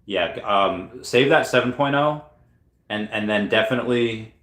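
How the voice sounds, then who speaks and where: A man's voice: lowish voice, unhurried, a bit bright. A man hosting a casual livestream, reading out chat questions and answering them in a loose, rambling way, often correcting himself as he thinks aloud. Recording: roomy echo.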